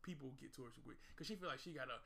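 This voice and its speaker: A man in casual chat, telling stories in a slangy, animated way and mimicking other people's lines. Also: medium pitch, very fast, gravelly.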